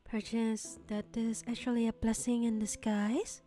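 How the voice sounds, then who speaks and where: A woman's voice: on the high side, unhurried, faint music behind, close to an everyday voice. A woman playing a formal young British-sounding heir. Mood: gracious. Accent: put-on British. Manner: courteous, formal, gently flattering. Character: polite formal wealthy young heir, man. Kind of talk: voice acting practice reading.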